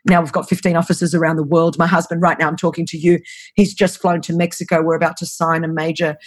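A woman in her fifties, a guest on an interview podcast, telling her story in an earnest, urgent, fast-flowing way. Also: low-pitched, little pitch movement. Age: 50s. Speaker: guest, anti-trafficking founder.

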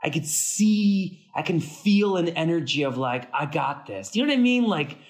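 A man chatting as an interview guest, with a fairly high voice. He tells his stories in quick bursts and acts out every quoted line. His speech is loose and full of restarts. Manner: animated, acts out quoted dialogue with big pitch jumps; frequent fillers and restarts, fast bursts. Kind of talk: casual interview storytelling.

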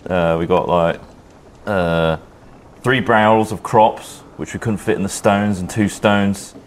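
Man playing a tabletop game, lower voice, relaxed and rambling. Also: a little slow, slight background noise. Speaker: player. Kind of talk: tabletop role-play banter.

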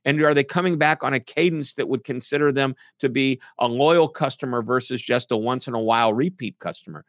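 A man, a book author, answering interview questions in a lively, joking way. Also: mid-range voice, no echo, studio quality. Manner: animated, playful, jokes and puts on quick impressions. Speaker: author and podcast guest.

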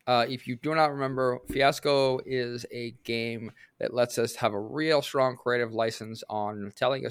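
A man's voice: medium pitch, clear, resonant tone, dry recording, clean studio sound. Wry man running a game podcast. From Canada. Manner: wry, brisk organizer. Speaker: game host. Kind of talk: casual podcast banter.

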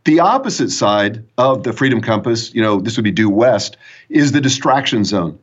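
Man, business coach, husky voice, animated storytelling, muffled sound. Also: medium pitch, moderate pace. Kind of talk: conversational storytelling.

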